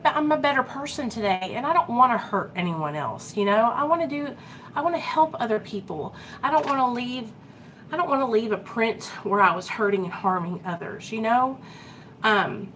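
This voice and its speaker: Bright-voiced earnest woman vlogging. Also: a little high, slight background noise. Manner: earnest and animated, addressing viewers directly as "you guys". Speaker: recovery vlogger. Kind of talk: casual livestream-style talk to viewers.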